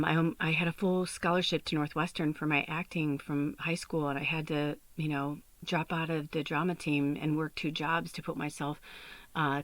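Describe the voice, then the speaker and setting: A woman's voice: low voice, no echo. A woman from Chicago hosting a podcast, telling her own story in a candid, rambling way, full of fillers and casual swearing. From Chicago, USA. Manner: rambling, confessional, lots of "like" and "you know", swears freely. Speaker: podcast host and spiritual medium.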